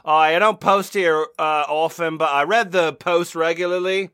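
Brief: man with a bright, sharp voice, stumbles through posts with fillers and laughter. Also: a little high, fairly even intonation, clear, resonant tone, dry recording, clean studio sound. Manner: halting, laughing, full of fillers. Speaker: podcast co-host reading forum posts. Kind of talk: comedic reading of forum posts.

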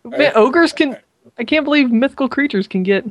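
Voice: sits high, expressive, moderate pace, no room sound. A podcast co-host riffing animatedly in casual comedic chat.

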